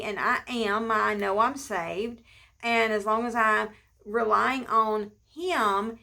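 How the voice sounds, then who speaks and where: A middle-aged woman gives an informal devotional teaching in a relaxed, conversational way. Her voice sits a little high and sounds bright and clear, and she often repeats key phrases for emphasis, with a few ums along the way. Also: slow. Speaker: pastor's wife giving a devotional.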